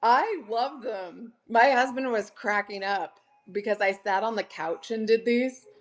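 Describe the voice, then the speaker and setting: A middle-aged woman hosting a chatty live selling stream, bubbly and greeting viewers by name with excited gasps. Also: fairly high pitch, measured pace.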